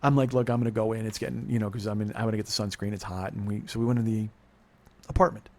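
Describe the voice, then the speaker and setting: Speaking very fast in a lowish voice with fairly even intonation, a middle-aged man from California delivers a confessional podcast monologue. The long personal tale is rambling and profane, with frequent breaks mid-sentence.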